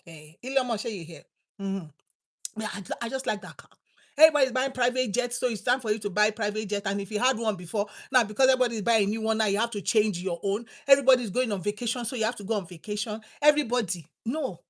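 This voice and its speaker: A woman preaching a sermon, emphatic, repeating words for stress. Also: a little high. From Nigeria.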